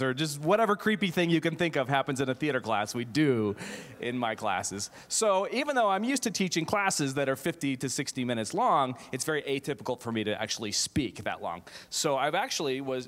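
A man's voice: mid-range voice, fairly bright tone. A middle-aged man giving a humorous keynote as a theater professor, self-deprecating, with many fillers and restarts. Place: large auditorium. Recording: echoey hall reverb.

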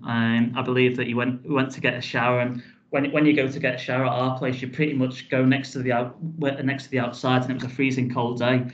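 A man speaks as a guest on a podcast, recounting events casually in a fairly level, even tone. He rambles and restarts his phrases, filling gaps with "um" and "you know". The audio is dull and lo-fi. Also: mid-range voice. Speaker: football club chief executive. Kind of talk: casual storytelling in a podcast interview.

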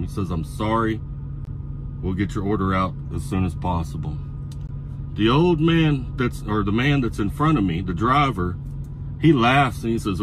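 A middle-aged man telling an angry, profane story about a truck stop that builds into heated yelling. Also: lowish voice, background noise. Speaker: truck driver vlogger.

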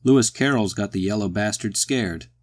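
A man voicing a brash, pushy, swearing man in an audiobook story, loud and coarse. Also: fairly low pitch, moderate pace, no echo, lightly acted.

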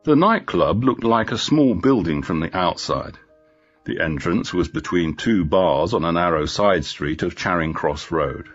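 A man reading a graded-reader story aloud slowly and clearly for English learners. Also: low-pitched, expressive. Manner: slow, clear, evenly paced reading. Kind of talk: scripted narration for learners. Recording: dull lo-fi with faint background music.

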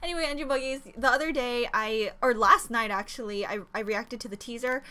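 A young woman hosting a reaction video, gushing and gasping with excited fan commentary. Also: on the high side. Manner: gushing, squealing, gasping, rapid exclamations.

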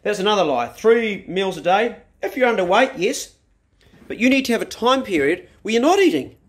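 A man's voice: high-pitched, very animated, normal speed, husky. A man talking bluntly and emphatically to camera, swearing freely while he makes his points. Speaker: vlogger. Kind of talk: casual opinionated talk to camera. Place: outdoors in a garden, then indoors.

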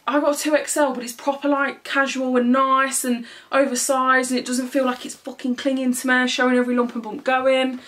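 A woman's voice: sits high, little pitch movement, a little fast, hardly any pauses, a bit bright. A woman chatting frankly through a clothing try-on haul, swearing freely and often slightly out of breath. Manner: chatty, frank and swearing, with frequent "do you know what I mean". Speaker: fashion vlogger.

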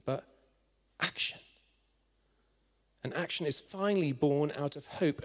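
A man preaching a sermon with passion, urging listeners to get involved. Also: high voice. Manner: impassioned, drops to a hushed whisper for the story's climax. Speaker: guest preacher. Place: church hall. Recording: reverberant church hall.

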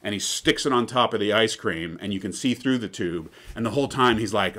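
A man's voice: lowish voice, a little fast, few pauses, a bit bright. A man giving an informal lecture in a chatty, digressive way, often checking in with "right?".

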